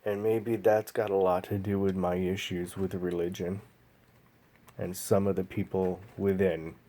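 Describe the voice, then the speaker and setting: A man vlogging a personal story in a slow, halting, emotional way, pausing often. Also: deep voice, little pitch movement, mellow.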